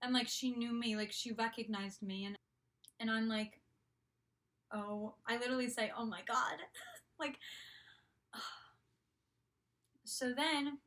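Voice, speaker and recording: Young female vlogger, slightly high-pitched, rambling and gushing, filler-heavy storytelling. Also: slow pace, long pauses, a bit bright. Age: young adult. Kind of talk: casual storytelling.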